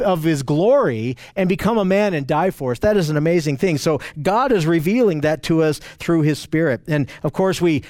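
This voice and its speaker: A man's voice: sits high, a little mellow, no room sound. A man preaching an expository sermon, reading scripture passages aloud and explaining them earnestly, often restarting phrases. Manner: earnest and emphatic, with frequent restarts. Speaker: preacher teaching a Bible study.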